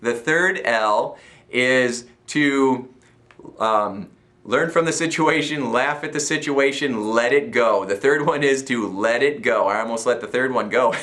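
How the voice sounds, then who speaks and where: Bright-voiced upbeat American coach. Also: male voice, mid-range voice, measured pace. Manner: upbeat, laughs often, acts out voices. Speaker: self-help coach. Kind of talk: motivational talk.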